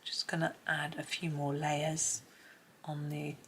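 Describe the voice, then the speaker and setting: A British woman chatting softly as she talks through her colouring, sometimes trailing off into murmured asides. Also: deep voice, completely flat delivery, slow, slight background noise, poor audio. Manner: chatty, soft-spoken, drifts into murmured asides. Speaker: colouring video creator. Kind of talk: casual narration while colouring.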